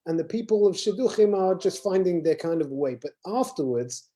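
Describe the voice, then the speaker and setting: A man's voice: high-pitched, lively intonation, normal speed, warm tone. A man, a rabbi, explaining ideas earnestly in a casual conversation.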